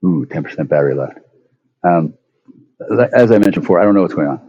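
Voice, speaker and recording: A man rambling profanely into his phone at home, stammering through restarts and breaking into sudden loud outbursts. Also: sits low, animated, fast, slightly rough, dry recording, lo-fi sound. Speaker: vlogger. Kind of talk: rambling monologue rant.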